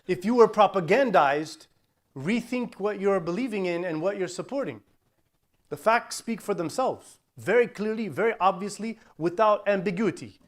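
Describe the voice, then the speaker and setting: A man with a slightly high voice delivers a Friday sermon. He preaches with urgency and force, and he breaks into quick recitation of Arabic Quran verses. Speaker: imam.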